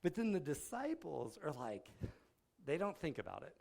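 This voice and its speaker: A man's voice: fairly high pitch, sing-song, moderate pace, vocal fry, a little mellow. A man speaking at a campus ministry, giving a casual, conversational sermon with folksy, explanatory asides.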